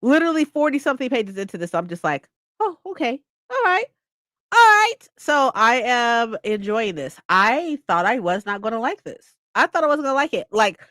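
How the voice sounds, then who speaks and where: A young woman chatting casually about a book she's reading, excitable, swearing often and acting out lines. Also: on the high side, a little fast, few pauses, dry recording, clean studio sound. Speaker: streamer hosting a reading session.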